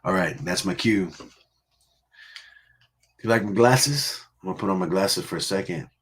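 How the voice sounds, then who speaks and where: A music livestream host from Connecticut talks casually, playful and teasing, rambling along and laughing a lot. His low voice has lively intonation and a fairly bright tone at a normal speed, with slight background noise.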